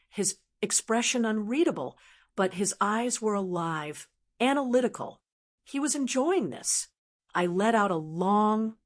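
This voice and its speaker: Woman reading a dramatic story out loud, measured, middle pitch. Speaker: story narrator. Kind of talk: scripted narration.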